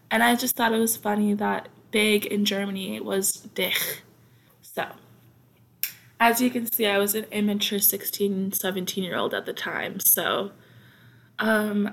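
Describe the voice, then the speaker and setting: On her own podcast, a young American woman spins rambling, chatty stories packed with fillers and side comments. She speaks in a creaky, mid-range voice.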